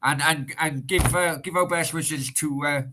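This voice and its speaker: A man's voice: a little high, steady tone, a little slow, background noise. A man from Cardiff hosting a casual football interview, friendly and encouraging, with frequent "uh" fillers. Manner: friendly, affirming, uses fillers. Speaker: host.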